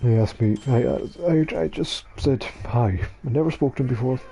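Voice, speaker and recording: A man's voice: medium pitch, moderate pace, crowd noise. A young Scottish man of about nineteen, chatting casually while streaming a game, rambling and self-deprecating with a dopey voice. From Scotland. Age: young adult, about 19. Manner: rambling, self-deprecating, stumbling over words. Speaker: gaming streamer. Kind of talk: casual late-night gaming chat. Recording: noisy game audio behind.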